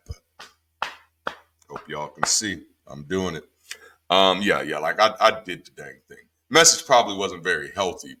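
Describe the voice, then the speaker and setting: A man, a former pastor, giving a casual Bible commentary in an emphatic, animated way, swearing freely and jumping from calm low talk to sharp, high outbursts.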